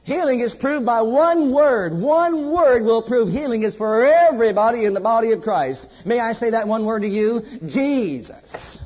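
A man preaching a sermon at a church service. He repeats his exhortations emphatically and drops to a hush. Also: very high-pitched, moderate pace, hardly any pauses, highs cut off.

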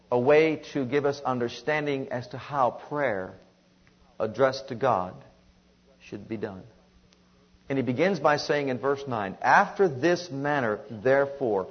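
Husky-voiced man preaching a sermon. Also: mid-range voice, highs cut off. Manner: preaching with swings from soft and hushed to loud and urgent. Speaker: pastor.

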